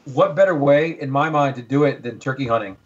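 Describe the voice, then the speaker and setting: A man's voice: mid-range voice, a little fast. A middle-aged man, a guest on a hunting podcast, telling stories with enthusiasm and many restarts. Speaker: guest, hunter. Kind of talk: casual storytelling. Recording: dull lo-fi sound.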